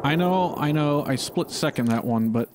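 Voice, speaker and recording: A man's voice: on the high side, moderate pace, heavy background noise. A man giving casual gameplay commentary, talking and pleading with the animals on screen. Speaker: gaming channel host.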